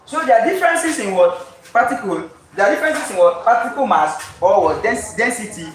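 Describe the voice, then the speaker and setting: A male chemistry tutor leading a live lesson at a whiteboard in call-and-response style. He keeps asking "what?" and answering himself, and slowly repeats the key terms for emphasis. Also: sits high, lively intonation. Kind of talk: live-streamed exam lesson. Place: classroom with whiteboard. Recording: echoey classroom from far off with background noise.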